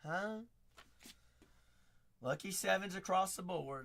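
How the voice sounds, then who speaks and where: Guy hosting a live card break, raspy, bright punchy voice, hypes up the chat. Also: high-pitched, measured pace, pauses often. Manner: chatty, hypes up viewers, shouts out names.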